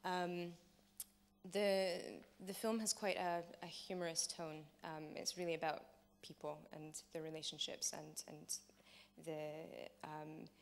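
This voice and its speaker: A woman presents her personal film project at a workshop. She speaks reflectively, with frequent "um" fillers, in a low, flat voice. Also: slow, vocal fry.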